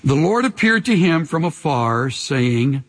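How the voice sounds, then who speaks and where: A man preaching a sermon, earnest and unhurried, pausing often and dropping his voice almost to a whisper to make a point. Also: fairly high pitch, very animated, a little hiss or hum. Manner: earnest, pauses often, drops to near-whispers for emphasis. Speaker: pastor. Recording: long hall reverb.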